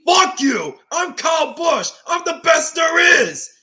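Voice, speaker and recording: A man's voice: extremely high pitch, sing-song, slow pace, pitched above the performer's own voice, heavily acted. A man doing a shrieking cocky racer. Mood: brash. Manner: yelling brash boasts. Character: shouting cocky male race car driver.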